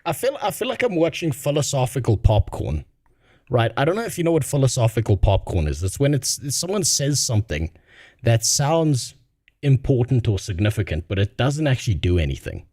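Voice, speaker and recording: A man's voice: mid-range voice, sing-song, fairly quick, mellow, breathy edge, no echo, clean studio sound. A man streaming a reaction to a video, chatting casually with crude jokes, frequent laughter and stammered restarts.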